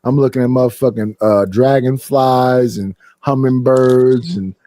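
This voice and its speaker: A man's voice: mid-range voice, steady tone, measured pace, dark tone, dry recording, studio quality. A man on a casual podcast, telling stories animatedly and acting out other people with a raised voice, swearing freely. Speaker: podcast host. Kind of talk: casual chat.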